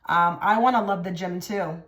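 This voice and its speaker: A woman's voice: fairly low pitch, normal speed, fairly bright tone. A woman giving a casual tarot reading to camera, direct and blunt, with many filler likes. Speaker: tarot reader. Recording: echoey room.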